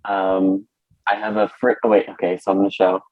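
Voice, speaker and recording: A man's voice: low-pitched, flat delivery, brisk, no echo, phone-quality sound. A man hosting a casual panel chat, easygoing and laughing along with his guests. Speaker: host. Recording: dry, faint music behind.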